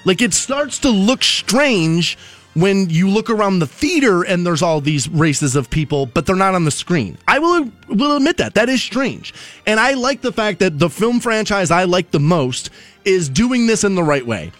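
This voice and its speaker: A man co-hosting a relaxed talk show, his voice sitting somewhat high. He rambles conversationally through his points, with soft music in the background. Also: moderate pace. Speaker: radio show host. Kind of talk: casual talk show chat.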